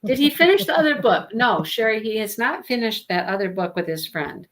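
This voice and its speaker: A woman's voice: on the high side, lively intonation, brisk. A woman hosting a live book discussion, chatting casually, telling stories and laughing often as she reads out viewer comments. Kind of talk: casual chat on a livestream.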